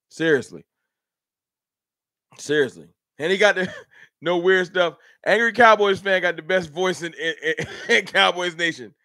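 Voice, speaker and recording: High-pitched, fired-up fan show host. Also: male voice, fairly bright tone, dry recording, clean studio sound. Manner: heated, rhetorical, talks straight to chat. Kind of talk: animated live-stream sports rant.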